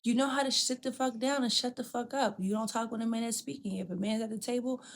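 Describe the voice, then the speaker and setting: A woman's voice: on the high side, quick pace. A woman hosting a podcast, telling a personal story in candid chat, blunt and profane, acting out the people she quotes. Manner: frank and profane, addresses listener as "girl" and "bitch"; animated, acts out quoted people. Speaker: podcast host.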